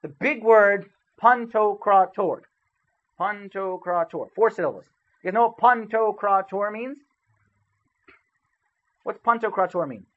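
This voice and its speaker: A high-pitched man speaks at normal speed, pausing often, through phone-quality sound. As a youth preacher giving a casual sermon in a church hall, he talks conversationally with the young audience, asks them questions, and keeps saying "okay?".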